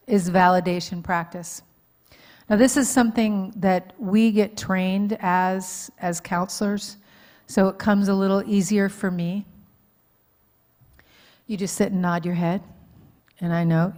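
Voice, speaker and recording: A woman's voice: mid-range voice, steady tone, unhurried, darkish tone. A woman counselor giving an informal teaching talk at a live church conference, often checking in with the audience and laughing at herself. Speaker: marriage counselor and conference speaker. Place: church hall, live event.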